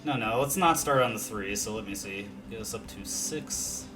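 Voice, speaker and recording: A man's voice: lowish voice, moderate pace. A young man casually commenting on a video game as he plays, thinking aloud with many fillers and self-deprecating asides. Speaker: let's play commentator. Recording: faint game music behind.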